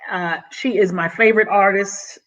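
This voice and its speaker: A woman vlogging to her channel, excited and effusive, a little out of breath, often calling the listener honey. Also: medium pitch, normal speed, muffled recording. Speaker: YouTube vlogger. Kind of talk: casual vlog monologue.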